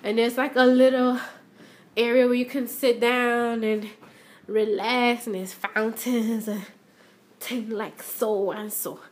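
A woman's voice: fairly high pitch, fairly even intonation, slow pace. A young adult woman hosting a casual solo podcast, chatting and repeating herself as she talks straight to listeners from her shop. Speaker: podcast host. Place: shop, stepping in and out of doors.

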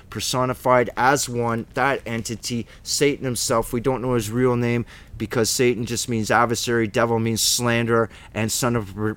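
A man teaching the Bible in an informal, emphatic way, rambling with restarts and asides. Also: mid-range voice.

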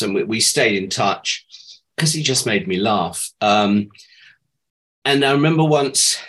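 A man's voice: lowish voice, a bit bright, low-quality recording. A middle-aged man, a former child actor, telling amused anecdotes about his acting days in a chatty interview.

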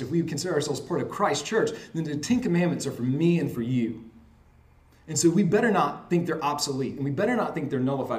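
A man teaching in an earnest, emphatic way, often checking in with a quick "right?". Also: medium pitch, darkish tone. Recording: roomy sound, mic at a distance.

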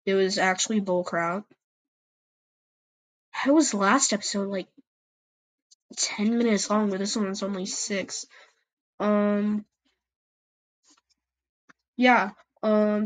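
A woman's voice: mid-range voice, rough recording. Hesitant young woman storyteller. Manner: hesitant, many fillers. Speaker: storyteller and channel host. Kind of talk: amateur fan story narration.

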